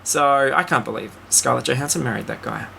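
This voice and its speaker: A man with an Australian accent, co-hosting a casual podcast chat, ranting and swearing with quick asides. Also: medium pitch, gravelly, pushed and bright, a little hiss or hum. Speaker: podcast co-host.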